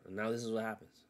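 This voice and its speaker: A man hosting his own sports podcast alone, ranting with constant swearing, jumping from loud outbursts to low mutters. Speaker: podcast host. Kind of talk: solo sports rant.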